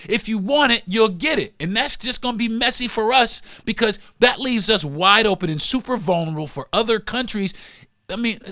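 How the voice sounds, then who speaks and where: A man hosting a podcast, delivering a heated, profane rant that swings between loud outbursts and low muttering. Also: dry recording, studio quality. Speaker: podcast host. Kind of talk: profane ranting monologue.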